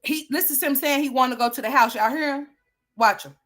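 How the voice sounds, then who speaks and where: Brief: high-pitched woman host, sassy gossip commentary, teasing, laughs often. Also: quick pace, fairly bright tone. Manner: sassy, teasing, laughs a lot, calls people girl and honey. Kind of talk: gossip commentary over played clips.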